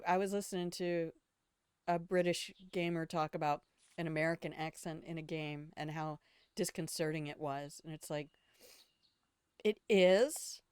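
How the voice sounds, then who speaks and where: A woman's voice: on the low side, a little mellow, clean tone, dry recording, studio quality. An older woman hosting a game stream, chatting casually and wryly, reading dialogue aloud and riffing on it. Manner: chatty, wry, reads dialogue aloud and riffs on it. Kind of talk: casual gameplay commentary.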